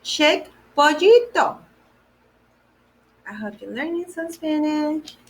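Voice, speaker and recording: A woman gives a children's lesson at an unhurried pace, with a voice sitting a little above the usual range. She repeats every word and spells it out letter by letter. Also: sits high, expressive. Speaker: day camp Spanish teacher. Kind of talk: slow, patient lesson for children.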